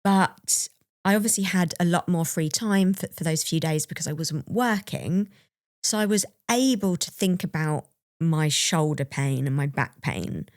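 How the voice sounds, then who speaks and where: A woman's voice: on the low side, unhurried, dry recording, studio quality. A young adult woman co-hosting a podcast, candidly and reflectively telling a personal story and laughing now and then. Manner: open, reflective, laughs while recalling. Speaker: podcast co-host.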